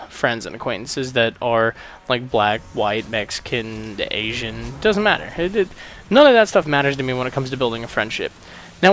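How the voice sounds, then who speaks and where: A man's voice: mid-range voice, fairly bright tone, slight background noise. A young man hosting a gaming vlog, talking casually and rambling with lots of fillers and the odd swear word. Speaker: gaming channel host. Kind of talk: casual gameplay commentary vlog.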